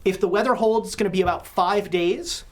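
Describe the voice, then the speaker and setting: Woman, game master, chatty, joking asides, mid pitch, steady voice. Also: fairly quick. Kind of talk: running a tabletop horror game.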